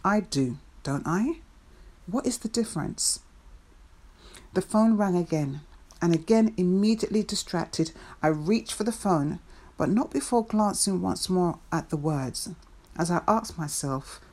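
A woman reading her own first-person memoir in a reflective, measured storytelling manner. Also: lowish voice, lively intonation, a little mellow.

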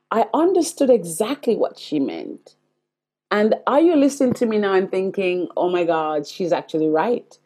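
A Jamaican woman in her forties talks to her listeners in a confiding, earnest podcast monologue. Her voice sits a little low and sounds husky. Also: darkish tone. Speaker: podcast host. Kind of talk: personal storytelling monologue.

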